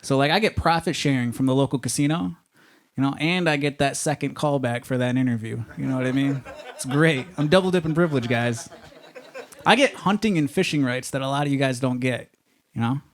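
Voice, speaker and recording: A man's voice: medium pitch, a little fast. A man doing a stand-up set on a comedy club stage, rambling and conversational, asking the crowd if they know what he means.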